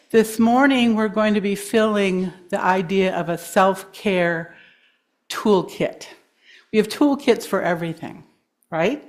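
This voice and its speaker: A woman speaker at a congregation gathering, gently guiding listeners through breathing and grounding, encouraging and quick to laugh. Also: medium pitch. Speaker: guest speaker. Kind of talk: guided breathing exercise in a talk. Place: congregation hall.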